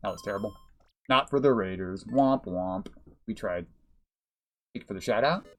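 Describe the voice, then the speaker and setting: A man's voice: on the low side, brisk, fairly bright tone, faint music behind. Chatty, laughing male game streamer. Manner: chatty, swears, laughs often, thanks viewers. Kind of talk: live gameplay commentary.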